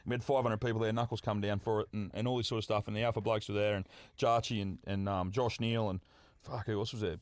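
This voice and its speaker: A man's voice: fairly low pitch, quick pace, hardly any pauses, no room sound. An Australian man hosting a podcast, telling stories in casual chat, swearing freely and acting out what people said. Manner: swearing, animated storyteller acting out quotes. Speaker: podcast host.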